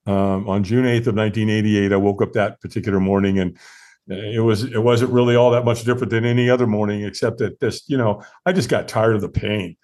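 A man in his sixties from the United States, a podcast guest telling his own story in an earnest, animated way with frequent fillers and restarts. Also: fairly low pitch, brisk. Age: 60s. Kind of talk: conversational storytelling interview.

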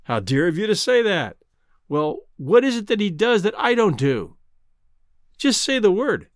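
An earnest, impulsive young man pleads and bargains in a raised, animated voice, played by the male narrator. The reading sounds close and dry, a storybook scene. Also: sits high, measured pace, dry recording, pitched above the performer's own voice. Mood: eager.

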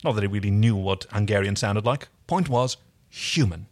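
A man's voice: lowish voice, moderate pace, darkish tone. A man co-hosting a podcast, reading fan fiction aloud with wry, chatty asides. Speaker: podcast co-host.

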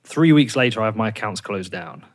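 A man's voice: animated, brisk. A man hosting a podcast, ranting in a heated, swearing casual chat, his voice jumping up when he gets worked up. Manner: fired up, swears a lot, voice jumps high when ranting. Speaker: podcast host.

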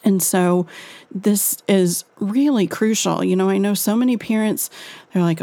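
A woman, a parenting author, giving gentle and reassuring advice to parents in a monologue. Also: medium pitch, measured pace, no echo.

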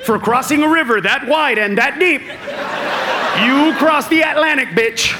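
A man performing a stand-up comedy set on a club stage, animated and shouting his punchlines. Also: extremely high pitch, a little slow. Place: comedy club stage before a laughing audience. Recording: live club recording with loud crowd and noise.

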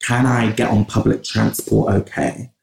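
A man's voice: on the low side, flat delivery, a little slow, gravelly. A man from in England, a podcast guest talking passionately in long runs with restarts. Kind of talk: conversational interview. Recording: roomy echo.

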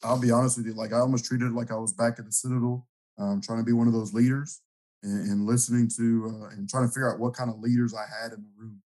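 A man who coaches high school football, talking casually in a podcast interview with lots of fillers. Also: fast talker, rough recording. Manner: relaxed, rambling coach talk with fillers.

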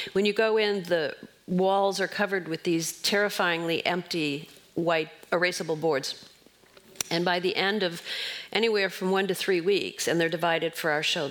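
An older woman, a novelist being interviewed, speaking dryly and matter-of-factly with little laughs at her own remarks. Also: on the low side. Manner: dry, matter-of-fact, frequent self-amused laughs. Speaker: novelist guest. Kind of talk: conversational interview.

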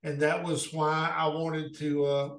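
A man who runs a company, talking as a podcast guest in an earnest, plainspoken, steady way. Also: fairly high pitch, unhurried. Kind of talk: casual interview chat. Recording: echoey room.

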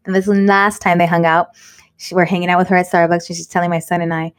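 Fast-talking animated woman storyteller. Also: fairly low pitch. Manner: animated storyteller, acts out quotes, mixes in Spanish. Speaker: podcast co-host. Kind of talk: casual chat.

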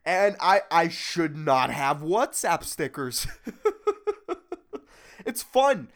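Rambling, swearing man with a bright voice. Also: a little high, big pitch swings, extremely slow. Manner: rambling, profane, laughing at his own jokes. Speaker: podcast host. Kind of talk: solo comedic podcast monologue.

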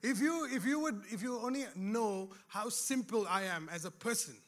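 A man's voice: sits high, moderate pace, a bit bright. A man preaching a sermon in a church, in a conversational way with laughing asides, rising to emphatic exhortation. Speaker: pastor.

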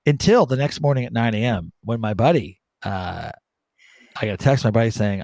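A man from Bermuda co-hosting a podcast, telling a story in casual chat, animated and joking, with the odd swear for laughs. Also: medium pitch, a little fast, vocal fry, no room sound. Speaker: podcast co-host.

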